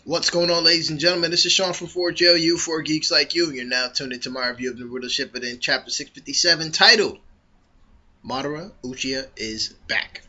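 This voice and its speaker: A man reviewing a comic chapter in a casual vlog, excitable, slangy and profane. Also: a little high, brisk. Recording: dull lo-fi recording.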